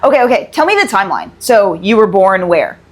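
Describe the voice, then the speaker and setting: A woman's voice: mid-range voice, big pitch swings, brisk. Teasing, curious woman host. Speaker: podcast host. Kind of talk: casual chat.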